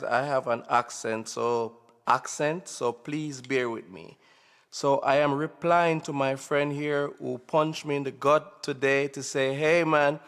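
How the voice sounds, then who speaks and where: Slow-talking man. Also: mid-range voice, a bit bright. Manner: slow, informal, repeats "right?" often. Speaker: drum tutorial presenter. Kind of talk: unscripted casual tutorial. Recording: long reverb in a hall-like room.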